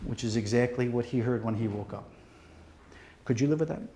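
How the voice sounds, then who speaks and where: A man's voice: mid-range voice, fairly quick, slight background noise. A middle-aged man, a police deputy chief, giving a safety talk to students, telling dramatic stories straight to the audience. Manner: pleading, drops to near hush at the end. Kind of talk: motivational presentation to students. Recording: echoey hall.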